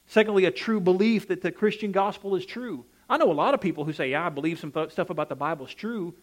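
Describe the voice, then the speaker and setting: A man with a high voice preaches fast. His sermon has an emphatic, undulating cadence, and he keeps putting questions directly to the congregation.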